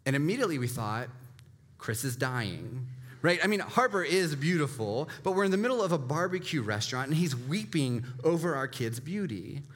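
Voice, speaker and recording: Pastor preaching in conversational tones. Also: male voice, fairly high pitch, sing-song, brisk, hardly any pauses, a bit bright. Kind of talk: sermon.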